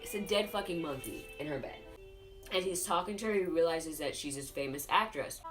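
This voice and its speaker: A woman's voice: low-pitched, expressive, fairly quick. A tipsy woman hosting a casual film review, telling the story in a profane, rambling, gossipy way. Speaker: host. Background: music playing.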